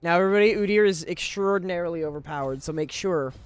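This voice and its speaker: A man's voice: high-pitched, fast, clear, resonant tone, dry recording. A man streaming a video game, chatting casually to his viewers in a rambling, profane way, often cutting himself off and chuckling.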